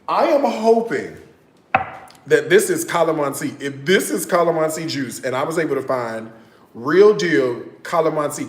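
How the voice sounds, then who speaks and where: A man chatting casually on a cooking livestream, drawling and checking in with "okay?" and "y'all" as he shows off his groceries. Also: on the high side. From United States. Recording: echoey room.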